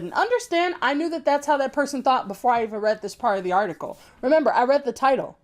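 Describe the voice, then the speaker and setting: High-voiced woman ranting bluntly. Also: animated, quick pace, hardly any pauses, darkish tone. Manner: blunt, profane and heated; mocking, repeats phrases with scorn. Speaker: vlogger. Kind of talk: casual opinion rant to camera.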